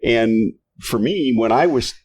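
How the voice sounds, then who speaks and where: A man co-hosting a faith podcast, agreeable and quick to affirm his partner. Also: mid-range voice, darkish tone, slightly rough. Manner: agreeable, lots of affirming murmurs. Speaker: podcast co-host. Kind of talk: casual faith conversation.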